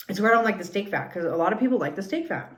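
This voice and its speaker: Woman vlogger, rambling casual chat between bites, bouncy intonation. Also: mid-range voice. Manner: chatty, rambling, mouth full between lines. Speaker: mukbang vlogger. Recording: echoey room.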